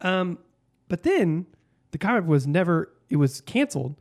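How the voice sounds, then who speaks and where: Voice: medium pitch, big pitch swings, unhurried, a little mellow. Podcast host rambling through a story, lots of ums. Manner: storytelling, hesitant. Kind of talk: casual chat.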